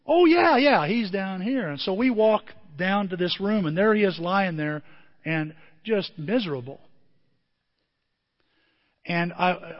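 A man's voice: high-pitched, long reverb tail, muffled recording. A male pastor telling a story in a sermon, acting out the people in it. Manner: animated, acts out the people in his stories. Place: church hall.

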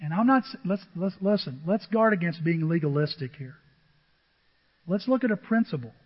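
A pastor delivers a sermon to his congregation, his husky voice sitting slightly high for a man. He presses his points with repeated phrases and questions thrown out to the pews. The sound is dull and lo-fi, with a long reverb trailing through the church hall. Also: lively intonation, moderate pace. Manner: preaching with rhetorical questions and repetition.

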